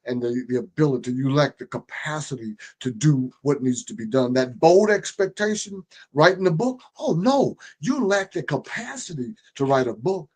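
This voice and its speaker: Giving a preachy motivational talk on a livestream, this middle-aged man, a strategist and book publisher, speaks in a mid-range voice. He hammers home key phrases through repetition and frequently trips over himself and starts sentences again.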